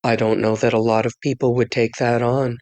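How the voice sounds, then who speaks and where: A groggy husband speaks hesitantly on the phone, his tone conciliatory and apologetic, as a woman narrator puts him on. The voice sits low and flat in tone, with little melody in it. It is audiobook character voicing. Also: fairly quick.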